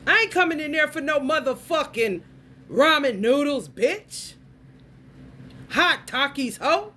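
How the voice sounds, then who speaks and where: A woman's voice: sits high, animated, a little slow, sharp tone. A woman vlogger delivering a blunt, crude rant full of swearing and street slang. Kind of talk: profane stream-of-consciousness rant.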